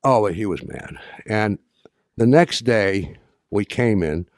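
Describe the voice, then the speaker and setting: An older man tells a story to an audience in a low, unhurried-sounding voice, stumbling over restarts and slipping in dry humor. The sound is close and dry, with no room around it. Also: big pitch swings, no echo. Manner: halting, many restarts and fillers, dry humor. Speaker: speaker addressing an audience. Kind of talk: anecdotal talk.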